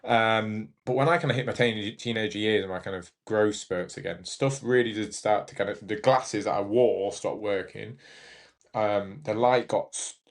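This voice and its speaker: Soft-spoken young man. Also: on the low side. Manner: halting and emotional, with many restarts and fillers like "like". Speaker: podcast guest, Paralympic judo athlete. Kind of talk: candid storytelling in an interview.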